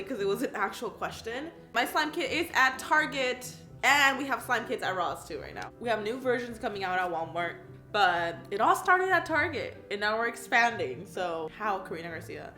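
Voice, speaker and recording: A woman's voice: mid-range voice, sharp tone, roomy sound. A woman in her twenties from California, chatting casually and reading questions aloud with a bubbly manner, filling her talk with "like". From California, USA. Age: 20s. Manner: chatty and bubbly, heavy use of "like", giggles at her own answers. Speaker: YouTube crafts creator.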